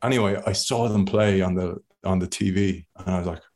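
A man with an Irish accent tells stories in a relaxed, chatty way, his voice sitting low. He keeps the telling animated and easygoing. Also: a little fast. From Ireland. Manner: animated storyteller, laughs often and acts out other people's voices. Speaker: podcast guest, former rugby player. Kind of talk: casual storytelling.

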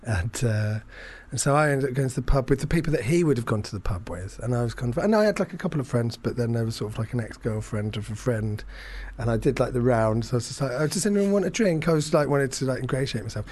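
A man in his thirties tells a long anecdote in an easy, rambling way. He keeps restarting his sentences and pokes fun at himself. His voice sits in an ordinary middle pitch. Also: animated, fast talker, hardly any pauses, darkish tone. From England. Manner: rambling, self-deprecating, many fillers and restarts. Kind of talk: casual chat, anecdote.

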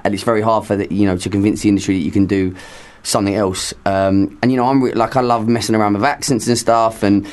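A guest actor from East London who talks quickly in a fairly low voice. He speaks earnestly and casually, backing up his points with "you know". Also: fairly even intonation. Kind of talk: casual interview chat.

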